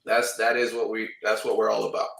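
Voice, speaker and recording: A man from Canada talking casually on a trading livestream panel, animated and slangy, repeating points for emphasis. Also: lowish voice, fairly quick, creaky, echoey room, recorded from a distance.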